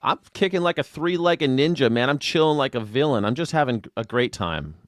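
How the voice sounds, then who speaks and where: A man hosting a live call-in show, rambling and excitable, swearing freely as he talks. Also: medium pitch, brisk, no echo, studio quality. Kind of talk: casual call-in chat.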